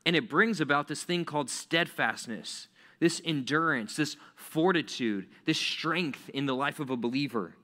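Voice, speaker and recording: Pastor, male, relaxed conversational preaching with a bright, pointed tone. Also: on the high side, normal speed. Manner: casual, conversational preaching with rhetorical questions. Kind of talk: sermon.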